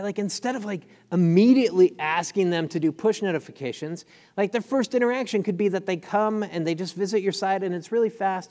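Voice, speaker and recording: A man giving a conference talk, quick and excited, with lots of fillers. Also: high-pitched. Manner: fast, enthusiastic, filler-heavy. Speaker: conference speaker. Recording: long hall reverb.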